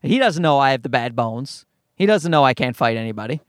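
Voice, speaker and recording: A man's voice: mid-range voice, lively intonation, brisk, no echo, clean studio sound. A man telling a story as an exasperated, profane rant. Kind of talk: comic ranting anecdote.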